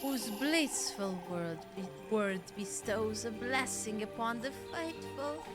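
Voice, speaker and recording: A mysterious old crone, as a woman puts her on, murmuring slowly and softly with a coaxing pull. The voice leans low and drawn out, while game music plays behind. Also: expressive. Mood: hushed, coaxing. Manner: slow, hushed, drawn-out delivery.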